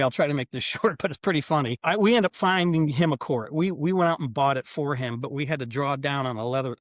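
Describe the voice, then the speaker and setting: A man's voice: fairly high pitch, no room sound, studio quality. An older man, a sports executive guest on a podcast, telling anecdotes casually and acting out the back-and-forth of old conversations. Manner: animated anecdotal storyteller, acts out quoted exchanges. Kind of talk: casual storytelling interview.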